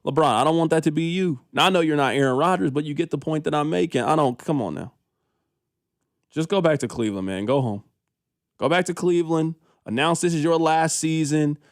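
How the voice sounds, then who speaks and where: A man co-hosting a casual sports talk radio show, riffing in an animated, incredulous, slangy way into a studio microphone. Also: a little high, quick pace, hardly any pauses, dry recording.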